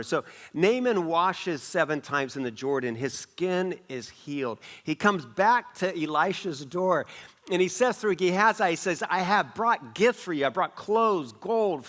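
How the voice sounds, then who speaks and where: Man preaching an animated sermon. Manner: animated preaching with swings in pitch and volume, repeating phrases for emphasis. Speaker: pastor. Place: church.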